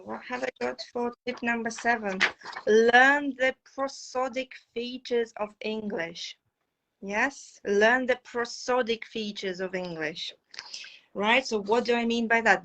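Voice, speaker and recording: Brief: young female English teacher, crisp bright tone, emphatic, repeats key phrases. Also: on the high side, low-quality recording. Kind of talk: conversational English lesson.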